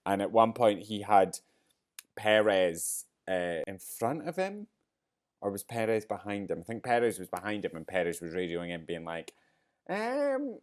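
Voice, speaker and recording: A man hosting a podcast, chatting casually and excitably through a race review, rambling and getting teary and choked up along the way. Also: low voice, normal speed. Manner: excitable, rambling, gets emotional. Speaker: podcast host.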